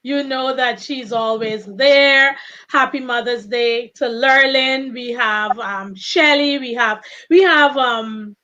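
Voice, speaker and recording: A woman's voice: fairly high pitch, slow, bright, forceful tone, dull audio. A woman hosting a live stream, coaxing the viewers to write in the chat. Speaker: host.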